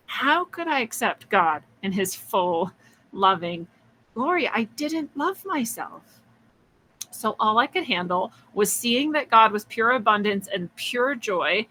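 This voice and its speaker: A woman's voice: on the high side, sharp tone, a little hiss or hum, poor audio. A woman hosting a podcast, musing through a spiritual story in a chatty way, with frequent laughs and restarts. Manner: acts out quoted voices. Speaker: podcast host.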